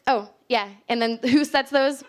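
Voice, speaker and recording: A woman's voice: sits high, a little slow, slight background noise. A young American woman giving a casual public talk on linguistics to a live audience, chatty and laughing often. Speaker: linguistics speaker. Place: library event space with live audience.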